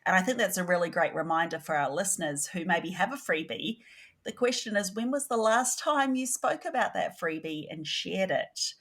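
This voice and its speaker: A woman's voice: fairly low pitch, expressive, normal speed, fairly bright tone. A woman hosting a podcast interview, encouraging and speaking directly to listeners with prompts. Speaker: podcast host. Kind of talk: casual interview chat.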